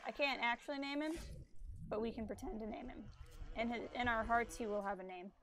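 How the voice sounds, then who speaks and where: A woman's voice: on the high side, fairly quick, a bit bright. A woman streaming a video game, chatting casually and reacting aloud as she plays. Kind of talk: casual live-stream commentary.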